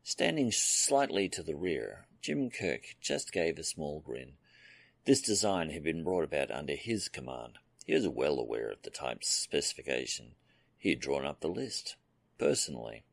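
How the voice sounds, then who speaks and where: Male audiobook narrator; low, gravelly, expressive pitch, dry close mic. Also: moderate pace, no room sound. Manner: steady storytelling read. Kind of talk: scripted narration.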